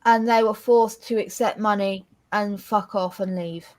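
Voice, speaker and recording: A woman with an English accent chatting casually as a co-host, blunt and animated, swearing freely. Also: medium pitch, unhurried. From England. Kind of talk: casual chat.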